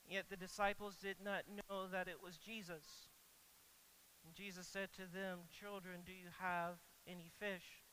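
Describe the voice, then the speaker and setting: A preacher in full sermon, voice bright and edged. They drop soft and low for reflection, then climb to loud, insistent questions, repeating words as they press each point. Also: little pitch movement, a little slow, slight background noise, poor audio. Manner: rises to loud, emphatic rhetorical questions, then drops quiet; stammers and repeats words when stressing a point.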